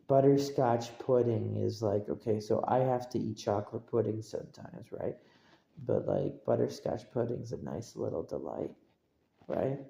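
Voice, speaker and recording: A man with a gravelly, mellow voice rambling on a casual stream. He repeats himself and keeps checking that listeners follow him. The voice sits in a roomy, echoey space. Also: on the low side, measured pace. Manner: rambling, repetitive, asks for agreement.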